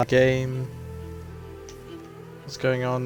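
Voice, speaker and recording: A man's voice: mid-range voice, moderate pace. A man commentating his own game walkthrough in a mid-range voice. He talks casually and turns exasperated, repeating words over and over. Faint game music plays underneath. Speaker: gaming channel host.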